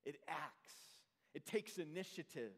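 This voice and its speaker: High-voiced pastor preaching in a reverberant hall. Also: male voice, expressive. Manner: earnest, drops to soft slow emphasis. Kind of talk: sermon.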